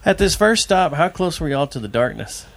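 Gravelly voice cracking dry jokes. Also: mid-range voice, very animated, moderate pace. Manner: dry, joking interjections. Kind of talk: casual chat.

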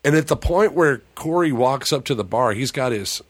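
A man, a paranormal investigator, telling a story as a podcast guest in a loose, profane, animated way, acting out what people said. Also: medium pitch, normal speed, no room sound. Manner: profane, animated, acts out quoted dialogue.

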